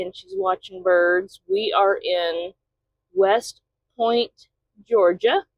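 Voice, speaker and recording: A woman's voice: medium pitch, no echo, low-quality recording. A woman truck driver chatting casually in a vlog from inside her truck cab, often talking to her cat.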